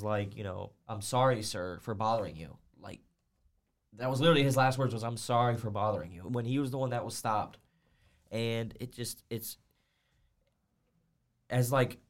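A young man with a mid-range voice, co-hosting a relaxed podcast chat. He speaks bluntly and profanely, padding his sentences with "like". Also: mid-range voice. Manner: blunt and profane, filler-heavy, full of "like". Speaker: co-host. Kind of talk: casual podcast discussion.

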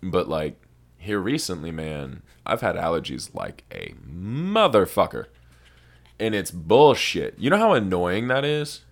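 A man's voice: deep voice, huge pitch swings, a little slow, vocal fry. A young man co-hosting a podcast, rambling and swearing in casual stoned chat. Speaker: podcast co-host.

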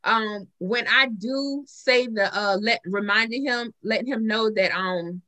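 A young woman in casual group talk, outspoken and animated, with a bright, slightly high voice. She swears freely and speaks her mind. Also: unhurried. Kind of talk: casual podcast chat.

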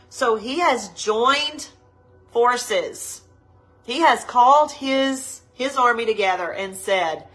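A woman preaching a livestreamed sermon to women, her nose stuffed up, slow and emphatic, repeating her points with passion. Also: medium pitch, fairly bright tone, rough recording.

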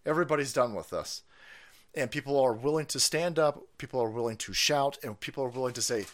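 A man hosting a livestream, ranting in a foul-mouthed, animated way and laughing often. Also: on the high side, fast talker. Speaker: livestream host.

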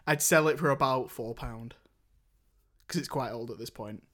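A man's voice: medium pitch, normal speed, fairly bright tone. A young man hosting a podcast in casual, rambling chat. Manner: rambling, chatty, laughs while retelling scenes. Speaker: podcast host.

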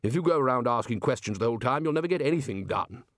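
A man voicing a smug, dismissive male wizard lecturer who speaks slowly. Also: medium pitch, expressive, no echo, studio quality, natural voice.

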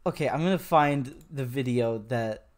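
Animated young American man chatting. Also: mid-range voice, moderate pace. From United States. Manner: animated, laughs often, trails off into fillers. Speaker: podcast co-host. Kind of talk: casual chat.

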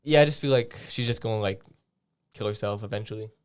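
A young man co-hosts a podcast, chatting casually and rambling with plenty of fillers and restarts while swearing frequently. His voice is smooth and fairly low-pitched, and he talks at a quick pace.

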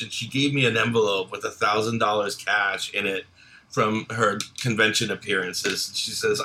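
A man's voice: on the low side, fairly quick, bright, forceful tone, a little hiss or hum. A man, a film director and guest, telling rambling anecdotes in casual chat and laughing often.

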